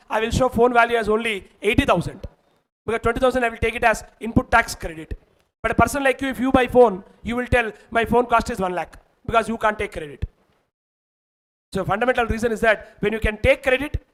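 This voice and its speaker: A man's voice: extremely high pitch, brisk, a bit bright, poor audio. A man with an Indian English accent teaching an online exam-prep lecture, emphatic and often checking that students follow.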